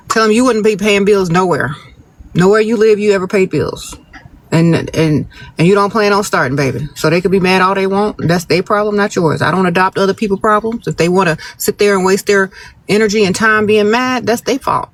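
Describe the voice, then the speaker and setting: A man hosting a live phone stream outdoors, reading out viewer questions and giving blunt, sassy, no-nonsense relationship advice straight to the audience. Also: high-pitched. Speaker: advice-giving livestream host. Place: outdoors, birds nearby.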